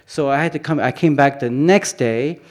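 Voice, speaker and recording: A man presents his photography work at a conference, speaking in a loose, conversational way. He circles back often, restarting sentences and leaning on "you know." His voice sits at an ordinary middle pitch. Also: moderate pace. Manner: rambling, many restarts and "you know" fillers. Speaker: photographer giving a conference talk. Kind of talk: informal presentation talk. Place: conference hall.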